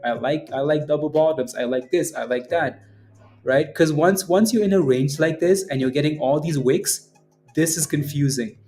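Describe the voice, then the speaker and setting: This day-trading livestream host has a medium-pitched, dark voice. He gives casual live market commentary, rambling and chatting, laughing frequently and adding plenty of "right?" tag questions.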